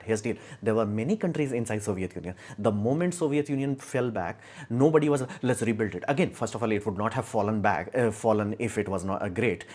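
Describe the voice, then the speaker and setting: A man's voice: medium pitch, a little mellow. A young man from India hosting a casual livestream, talking in a blunt, argumentative, rambling way. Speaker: live stream host.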